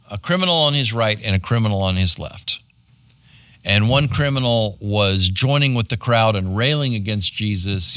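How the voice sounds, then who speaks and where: Lively, bright-voiced male pastor teaching. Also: fairly low pitch, dry recording, clean studio sound. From United States. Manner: conversational teaching, asking "right?" often. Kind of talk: sermon.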